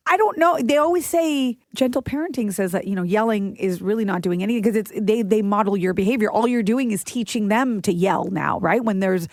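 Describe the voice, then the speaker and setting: Animated woman podcast host, dry studio sound. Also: mid-range voice, a little fast, hardly any pauses, no echo. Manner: animated storyteller who acts out her quotes. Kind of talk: casual chat.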